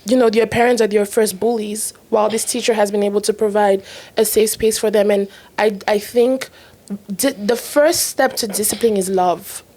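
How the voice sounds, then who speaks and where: A woman's voice: mid-range voice, moderate pace. A young woman co-hosting a podcast, chatting casually and telling stories with frequent laughter. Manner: laughing, animated storytelling. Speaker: podcast co-host. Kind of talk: casual chat.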